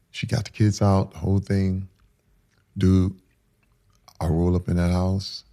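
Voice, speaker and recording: A man in his forties telling a painful personal story in rough, casual speech that builds to loud intensity. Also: sits low, flat delivery, a little slow, pauses often.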